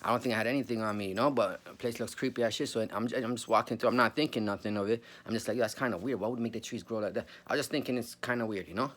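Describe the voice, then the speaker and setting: A man's voice: fairly low pitch, very fast, hardly any pauses, a bit bright. A man, telling a story casually, full of slang and swearing. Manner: slangy, swears a lot, says bro often.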